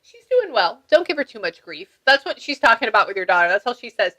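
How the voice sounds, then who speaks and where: A woman spiritual medium giving a reading, animated and exclamatory, breaking off to mutter asides. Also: on the high side, quick pace. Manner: excited, exclamatory.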